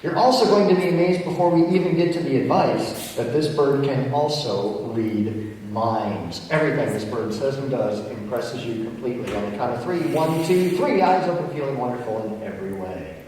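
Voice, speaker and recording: Playful stage hypnotist, echoey hall. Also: male voice, medium pitch, expressive, a little mellow, slight background noise. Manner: playful, commanding, slows into soothing suggestions. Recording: distant echoey hall recording.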